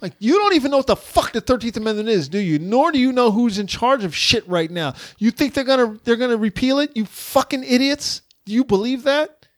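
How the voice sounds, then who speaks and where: A man with a high voice talks in a casual podcast chat, his pitch jumping around. He rants in a profane, exasperated way. The sound is dry and close, with no room echo. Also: expressive, a little fast. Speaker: podcast co-host.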